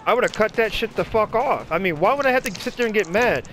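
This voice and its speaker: A man telling profane, animated stories in casual chat while playing a video game. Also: sits high, quick pace, a little hiss or hum. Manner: profane, animated storytelling, acts out other people's voices. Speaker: gamer chatting while playing. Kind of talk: casual chat over gameplay.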